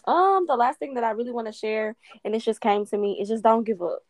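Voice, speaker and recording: A woman's voice: on the high side, animated, quick pace, dry recording. A woman, speaking in a casual spiritual chat. She sounds emphatic and encouraging, and the recording is dry and close. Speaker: guest.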